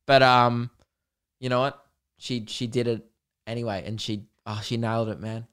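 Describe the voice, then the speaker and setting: Chatty young man, smooth voice. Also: medium pitch, fairly even intonation, moderate pace, a bit bright. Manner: rambling, chatty storytelling with frequent fillers and swearing. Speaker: podcast host. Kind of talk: casual solo podcast chat.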